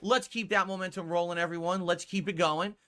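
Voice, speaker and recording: A man's voice: sits high, steady tone, a little fast, a loud crowd. A male streamer talking to his viewers, rambling and hedging, pleading for support.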